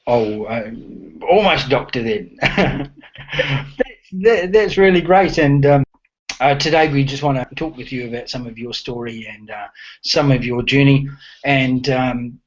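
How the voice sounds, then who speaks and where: New man, interview host, friendly, halting with fillers, mid pitch, dull lo-fi sound. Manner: friendly, hesitant, many fillers. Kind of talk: online interview show. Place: New Zealand. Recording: dull lo-fi audio.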